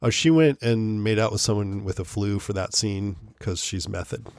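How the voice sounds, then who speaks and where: A man hosts a relaxed podcast, reading listener emails and reacting to them with frequent laughter. His voice sits low, and the recording is close and dry with no room sound. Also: moderate pace, dry recording. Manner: chatty, laughs often. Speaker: podcast host.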